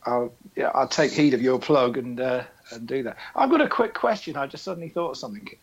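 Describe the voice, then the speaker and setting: Man podcast guest, dry teasing, husky gravelly voice, dull lo-fi sound. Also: mid-range voice, lively intonation, a little fast. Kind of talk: casual chat.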